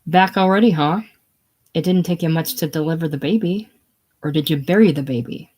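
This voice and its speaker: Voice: mid-range voice, unhurried, close to an everyday voice. A reader voicing Leona, a brash, mocking woman. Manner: loud, scornful and mocking. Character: brash, combative middle-aged woman living in a trailer. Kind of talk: casual play reading.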